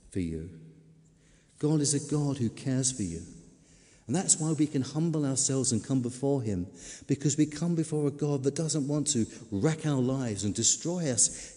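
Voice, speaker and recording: A man preaching a sermon, emphatic, slowing down and repeating key words for stress. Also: mid-range voice, dark tone. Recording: long reverb of a large hall.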